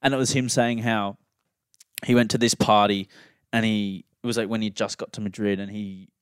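A man's voice: lowish voice, little pitch movement, moderate pace, clean tone, dry recording, studio quality. A young Australian man co-hosting a podcast, rambling casually with lots of fillers and restarts. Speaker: podcast co-host. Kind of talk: casual chat.

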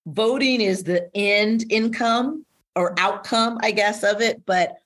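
A woman in her forties from Indiana, telling lively stories as a guest on a casual podcast interview. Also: mid-range voice, takes it slowly. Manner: animated storyteller, acts out quotes. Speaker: guest, wine business owner.

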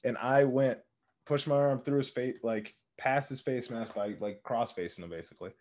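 Chill young dude on a podcast telling stories, normal pitched voice. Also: male voice, normal speed, a little mellow. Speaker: podcast co-host. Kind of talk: casual chat.

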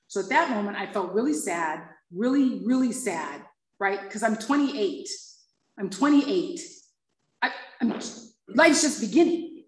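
In an echoey room with the mic placed far away, a fifty-something woman from Hawaii speaks at a normal speed in a slightly high voice. Telling the group her recovery story, she laughs frequently and brings the dialogue to life by acting it out.

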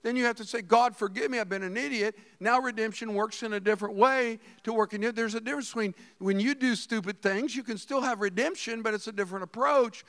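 A middle-aged man preaching a sermon as a pastor, animated, swinging between hushed asides and shouted emphasis. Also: high-pitched, quick pace, hardly any pauses.

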